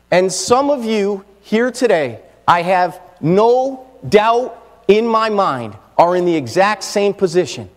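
A man preaching a fervent sermon in a church, swinging from loud declarations to hushed phrases and repeating key lines. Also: extremely high pitch, in a large hall.

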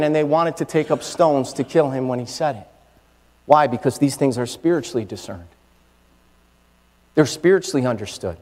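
A man preaching a fervent sermon in a church, swinging from loud declarations to hushed phrases and repeating key lines. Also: high voice, in a large hall.

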